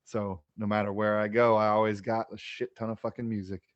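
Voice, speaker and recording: A man's voice: lowish voice, little pitch movement, brisk, no room sound. Chill podcast guy laughing a lot, medium voice, dry kinda muffled mic. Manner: easygoing, laughs often, swears casually. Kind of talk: casual podcast chat.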